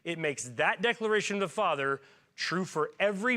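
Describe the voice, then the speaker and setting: A man in his forties preaches in a church with a bright, forward tone. He speaks casually and jokes along the way, and he keeps turning to the congregation with questions. His voice sits a little high for a man. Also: normal speed. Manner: conversational and joking, asks the congregation questions. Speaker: pastor. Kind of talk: sermon.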